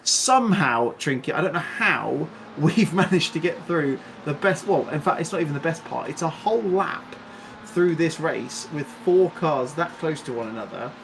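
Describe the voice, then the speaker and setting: A man commentating live on a sim race with a fairly high voice. His calls are rapid and excitable, and he chats and laughs between the action over a faint background hiss. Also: gravelly. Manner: excitable, chatty, laughs often, rapid play-by-play.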